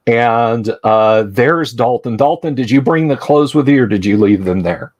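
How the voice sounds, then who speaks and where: A man narrating a tabletop horror game as game master, speaking with many pauses and fillers. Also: mid-range voice, a little mellow, dry recording. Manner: hesitant, many fillers and restarts.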